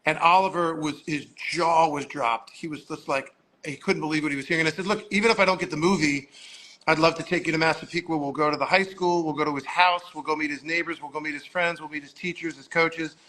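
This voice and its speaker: A man's voice: a little high, fairly even intonation, fast, pushed and bright, slight background noise, poor audio. A man of about sixty telling long, rambling anecdotes and acting out the voices of people he quotes, speaking in an agency office. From Long Island, New York. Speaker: guest storyteller.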